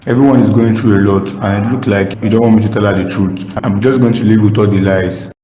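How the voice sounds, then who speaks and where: A man's voice: on the low side, steady tone, fast talker, lightly acted. A man voicing an angry middle-aged father in a cartoon, speaking coldly and reproachfully. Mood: bitter. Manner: cold, reproachful. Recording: lo-fi, roomy with long reverb.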